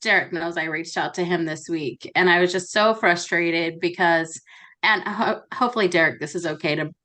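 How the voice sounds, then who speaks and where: Bright-voiced woman telling lively stories. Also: lowish voice, normal speed. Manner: animated storyteller. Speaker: notary meetup participant. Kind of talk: casual group discussion.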